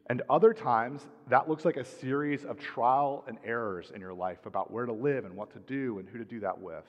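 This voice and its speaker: A middle-aged man preaching a sermon as pastor, calm and measured, letting his phrase ends drop softly. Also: medium pitch. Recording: dull sound with long hall reverb.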